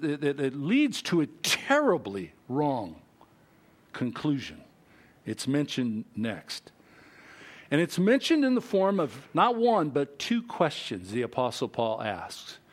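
A pastor preaching to his congregation in a high, light voice. He is emphatic and animated, jumping into voices for the people he quotes and leaning hard on key words. He leaves pauses between his phrases. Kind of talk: sermon.

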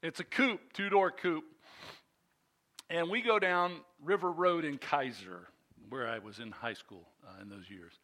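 An older man preaches with a high, ringing, bright voice. He tells a story on himself in a lively, self-mocking way, full of "uh"s and restarts. It stays a conversational sermon rather than a lecture. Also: a little slow. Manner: frequent fillers and restarts. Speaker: pastor. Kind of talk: sermon with personal anecdote.

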